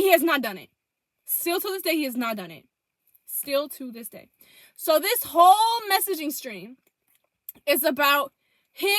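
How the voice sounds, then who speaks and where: Young woman, high-pitched, casual storytime vlog, blunt and swearing, dry recording. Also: no echo. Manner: blunt, profane and animated, quoting text messages. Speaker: vlogger telling a story.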